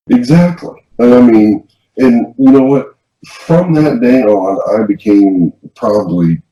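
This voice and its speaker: A man with a low, warm voice tells a personal story in a loose, rambling way, often circling back and restarting his sentences. He sounds casual and conversational. His voice carries a roomy echo and a dull, lo-fi edge. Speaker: podcast co-host.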